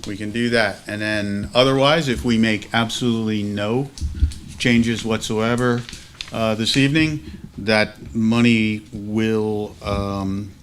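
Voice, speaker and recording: A man chairing a school board meeting, halting and restarting with fillers as he walks through procedure. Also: on the low side, steady tone, fairly bright tone, slight background noise.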